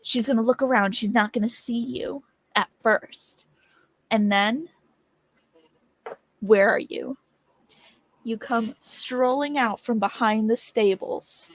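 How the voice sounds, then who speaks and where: A woman playing a tabletop game, spinning a playful, animated scheme for her character. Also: fairly high pitch, slow, long pauses, no room sound. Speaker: player. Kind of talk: in-character tabletop role-play.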